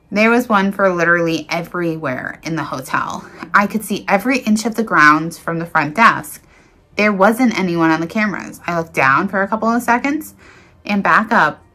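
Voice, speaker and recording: A woman's voice: lowish voice, bright, forceful tone. A woman reading viewers' paranormal encounter stories aloud in an earnest, dramatic way, with small slips and restarts.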